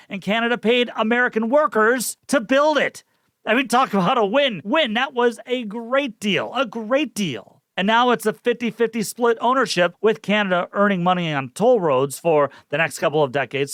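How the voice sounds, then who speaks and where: A man hosts a political podcast and talks in a sarcastic, indignant way. He hammers his points home by repeating them. His voice sits a bit high and sounds dry and close to the mic. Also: a bit bright, dry recording. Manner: sarcastic, indignant, emphatic repetition. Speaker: podcast host. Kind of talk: political commentary monologue.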